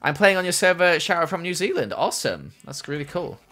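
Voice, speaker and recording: A man's voice: a little high, very animated, fairly quick, sharp tone. A young man streaming a game, chatting casually and answering chat questions from a small room at home. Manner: chatty, reads chat aloud and answers while playing.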